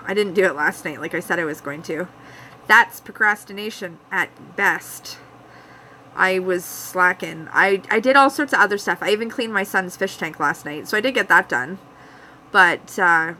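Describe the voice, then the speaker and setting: A woman's voice: mid-range voice, sharp tone, slight background noise, low-quality recording. Chatty Canadian woman rambling to her viewers. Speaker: vlogger hosting a live chat. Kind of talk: casual live-stream chat. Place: home.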